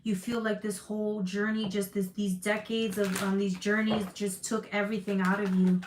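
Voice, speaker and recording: A woman's voice: medium pitch, flat delivery, moderate pace, roomy sound, a little hiss or hum, poor audio. A woman giving a tarot reading to her viewers, emotional and tearful, swearing freely and calling them y'all. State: crying. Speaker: tarot reader.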